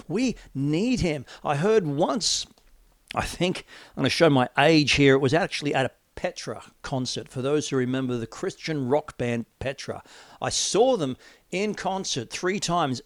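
A middle-aged man preaching a sermon, swinging from loud declarations to hushed, near-whispered lines. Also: medium pitch, no echo, clean studio sound.

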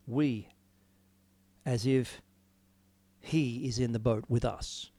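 A man giving an earnest, reflective sermon, moving from hushed musing to emphatic declarations. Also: medium pitch, steady tone, takes it slowly, pauses often, no echo. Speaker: preacher. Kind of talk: informal sermon, devotional talk.

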